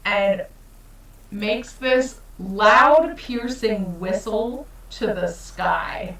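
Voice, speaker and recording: A woman's voice: medium pitch, drawn-out words, fairly bright tone, roomy sound, recorded from a distance, low-quality recording. A woman running a tabletop game as game master, describing scenes in a laid-back way.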